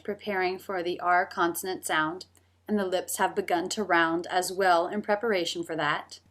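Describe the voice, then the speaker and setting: A pronunciation teacher with a fairly bright, lowish voice narrates a scripted lesson. She takes care to demonstrate each sound as she speaks.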